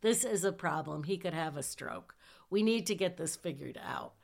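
Woman, lower-pitched voice, casual storytelling, lively, hushed asides. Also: normal speed, gravelly. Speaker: nurse telling a personal story.

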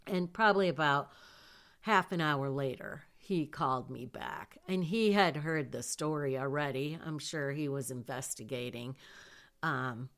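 A woman's voice: low-pitched, unhurried. A woman telling a personal story about her daughter in casual speech, emphatic, with vivid asides.

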